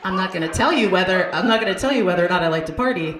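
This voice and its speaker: A woman's voice: lowish voice, expressive, very fast, a bit bright. Brash woman doing crude club stand-up. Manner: brash, crude, chatty with the crowd. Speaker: stand-up comedian hosting a show. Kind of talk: stand-up comedy set. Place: comedy club stage. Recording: roomy club sound.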